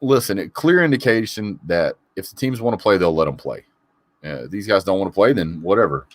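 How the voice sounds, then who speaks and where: A man whose voice sits low talks fairly quickly and expressively, with no echo. He hosts a casual live sports call-in show, reading chat comments, saying hi to viewers by name, and offering opinionated banter.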